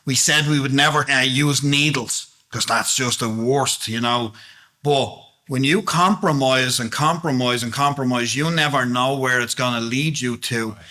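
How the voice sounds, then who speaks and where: A man's voice: mid-range voice, moderate pace, sharp tone. A man giving a plain-spoken, earnest testimony sermon, often asking the congregation questions.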